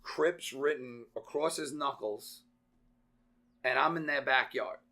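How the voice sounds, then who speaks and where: A man guest on a podcast telling lively stories in casual chat, swearing freely and acting out the people in them. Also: medium pitch, slow pace. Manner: animated, swears freely, acts out voices. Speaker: podcast guest, real estate veteran. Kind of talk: casual storytelling.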